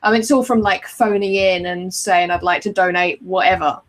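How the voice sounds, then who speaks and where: A woman's voice: on the low side, steady tone, moderate pace, rough recording. A woman chatting casually on a podcast, rambling with lots of ums. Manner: rambling, many ums and likes. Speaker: podcast co-host. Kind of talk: casual chat.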